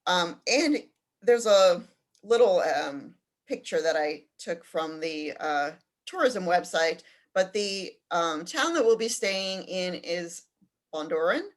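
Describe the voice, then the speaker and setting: A woman with a slightly low voice presenting a study-abroad trip in a casual info session. She often stops to search for words, with frequent ums and restarts. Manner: hesitant, many ums and restarts.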